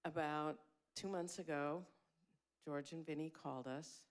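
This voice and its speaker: At a memorial, a woman with a deep voice delivers a candid, heartfelt tribute at a measured pace and with fairly even intonation. She is emotional yet blunt, swearing freely as she speaks.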